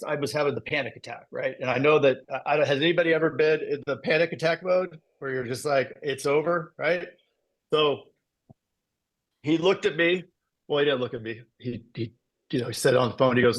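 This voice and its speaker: A middle-aged man giving a casual motivational talk to insurance agents, telling his story with lively asides. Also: on the high side, brisk. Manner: animated storytelling with frequent "right?" asides. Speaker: business speaker presenting to agents.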